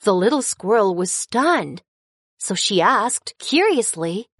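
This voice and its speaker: A woman narrating a children's storybook in an expressive, storytelling manner. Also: mid-range voice, slow pace, slightly rough, no echo, studio quality. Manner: expressive, storytelling with sound effects.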